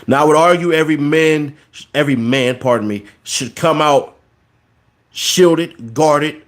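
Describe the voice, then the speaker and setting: Male podcast host, thirties, slightly higher voice, preachy riffing delivery. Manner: preachy, repeats words for emphasis. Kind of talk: casual commentary monologue.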